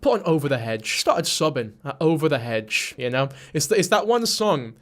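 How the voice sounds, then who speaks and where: A man's voice: fairly high pitch, sing-song, normal speed. A young man hosting a commentary channel, talking in a dry, sarcastic, rambling way and swearing freely. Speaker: commentary YouTuber.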